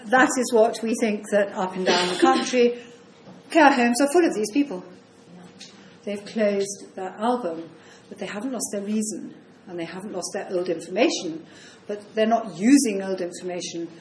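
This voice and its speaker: A woman giving a lecture on dementia care, brisk and explanatory with frequent ums. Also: mid-range voice, slight background noise. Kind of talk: lecture talk to an audience. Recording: roomy echo.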